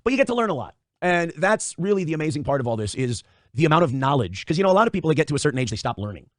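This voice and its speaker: A man's voice: on the high side, sing-song, very fast, no echo, clean studio sound. A man in a casual livestream monologue, blunt and profane, often circling back to the same points. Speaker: streamer.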